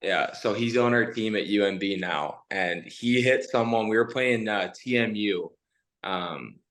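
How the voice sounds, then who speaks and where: Low-voiced man in casual chat. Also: measured pace, fairly bright tone. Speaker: podcast host, university hockey player.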